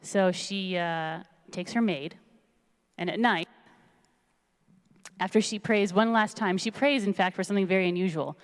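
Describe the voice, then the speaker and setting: A woman rabbi retelling a story in a casual, lively sermon in a synagogue sanctuary. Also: mid-range voice, moderate pace, long pauses, smooth. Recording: long reverb of a large hall.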